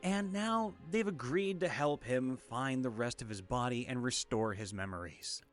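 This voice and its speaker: A man's voice: mid-range voice, moderate pace, faint music behind. A man reading out submitted tabletop gaming stories aloud. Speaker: story reader.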